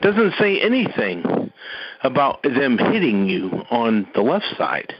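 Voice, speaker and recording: A man's voice: mid-range voice, big pitch swings, slow pace, slightly rough. A man giving a folksy, emphatic talk on a conference call, with "y'all" and frequent restarts. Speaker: caller speaking on a conference call. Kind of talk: impassioned speech on a call. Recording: dull, muffled phone-call audio.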